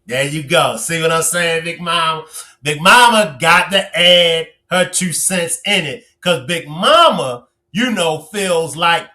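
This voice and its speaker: Lively man teasing his chat. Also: a little high, slow pace. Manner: animated, teasing, drawls words for emphasis. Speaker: livestream host. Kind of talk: casual livestream chat reading comments.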